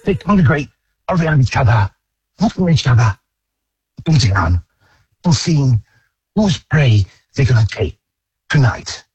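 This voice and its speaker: A caller doing an impression of an elderly nature documentary narrator, with slow, dramatic pauses. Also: male voice, mid-range voice, big pitch swings, a little mellow, breathy edge, muffled recording, heavily acted. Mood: solemn.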